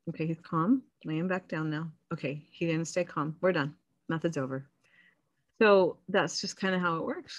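A woman in her thirties hosting a parenting podcast, talking earnestly and casually, with soft laughs and quick acted-out bits of parents' voices. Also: on the low side. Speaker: podcast host, sleep consultant. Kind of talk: casual solo podcast talk.

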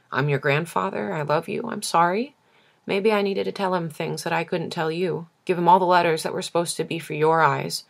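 Low-voiced female reader for a measured, intimate novel reading. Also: gravelly. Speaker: audiobook reader.

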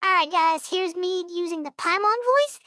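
A man speaking through an AI voice changer that turns him into a small high-voiced girl companion, talking casually. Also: moderate pace, sharp tone, no room sound, studio quality. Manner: casual demo talk.

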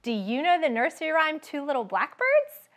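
Animated sing-song woman, storytime. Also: high-pitched. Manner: sing-song, animated, drawn-out words for small children. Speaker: children's librarian. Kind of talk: storytime for young children. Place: library.

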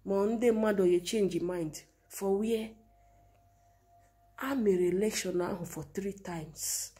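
In a warm, medium-pitched voice and at a slow pace, a commentator with a Nigerian Igbo accent pours out an impassioned lament. Switching between Igbo and English, she asks rhetorical question after rhetorical question.

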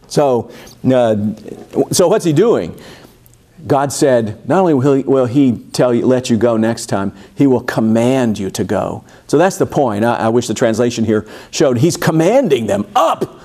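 A man's voice: medium pitch, mellow. A man teaching a Bible study in a church, talking conversationally with many asides and fillers, and lifting his voice when he reads scripture aloud. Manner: digressive, many fillers and asides, rises for emphasis when reading.

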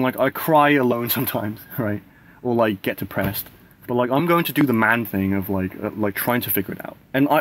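A man in his thirties talking casually to camera, rambling with constant "like" and "right?" fillers and the odd swear word. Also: mid-range voice. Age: 30s. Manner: swears casually, laughs between thoughts. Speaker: vlogger.

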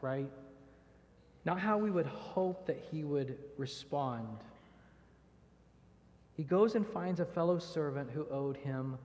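An earnest pastor moves through a sermon verse by verse, reading passages of scripture aloud and asking rhetorical questions. His voice is fairly high in pitch with a darkish tone. The recording has a long church reverb.

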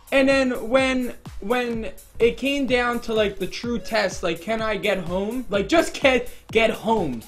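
A high-voiced young man spins a loose, rambling storytime while playing a game, slipping into loud, excited bursts as he acts out the moments. Faint game music plays under his voice throughout. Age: young adult. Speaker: gaming YouTuber. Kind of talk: casual storytime over gameplay.

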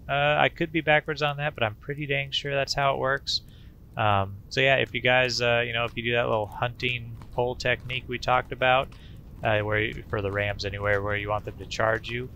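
A man's voice: mid-range voice, bright, forceful tone, a little hiss or hum. A man casually commenting on his gameplay, rambling in a folksy way with fillers and little sound effects. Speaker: gaming channel host. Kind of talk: casual let's-play commentary.

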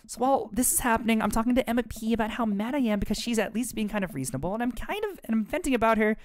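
A streamer voicing an upset teenage girl in a dating game, venting in fast, gossipy bursts. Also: very high-pitched, expressive, slight background noise, voice pushed up. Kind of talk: let's-play dialogue reading.

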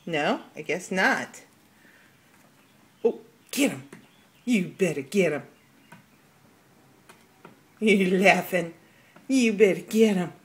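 A woman's voice: fairly low pitch, slow, long pauses. A woman filming her pet squirrel, talking to it in playful scolding baby talk. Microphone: handheld camera.

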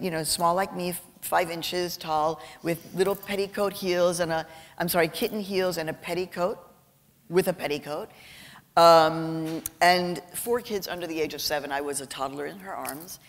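A woman in her fifties, a journalist, delivers a keynote with animated, emphatic storytelling. Her voice sits a little low. The long reverb of a large auditorium surrounds her. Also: moderate pace, gravelly. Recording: reverberant lecture hall.

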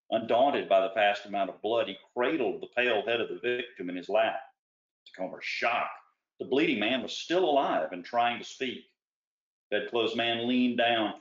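Low-voiced man narrating nonfiction, roomy sound. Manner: steady storytelling read with occasional small stumbles and restarts. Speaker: audiobook narrator. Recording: roomy, dull lo-fi recording.

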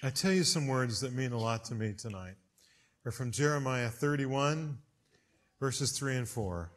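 A man preaching a sermon, telling stories with big swings in pitch and loudness. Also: normal speed. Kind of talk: sermon with storytelling.

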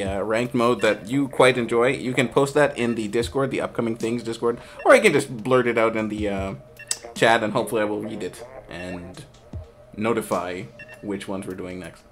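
A man casually hosting a game stream, reading chat aloud, trailing off and restarting, with bursts of excited play-by-play. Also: on the low side. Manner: excited play-by-play shouting during action. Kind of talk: casual live-stream commentary.

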